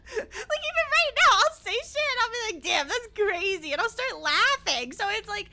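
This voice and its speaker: A woman's voice: very high voice, lively intonation, normal speed, bright, forceful tone, slight background noise. A woman VTuber streamer chatting casually while gaming, rambling, laughing a lot and swearing freely.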